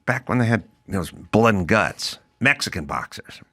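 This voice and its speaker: A man's voice: lowish voice, expressive, moderate pace, fairly bright tone. A man hosting a podcast in casual chat, riffing sarcastically and slipping into mock accents. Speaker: podcast host.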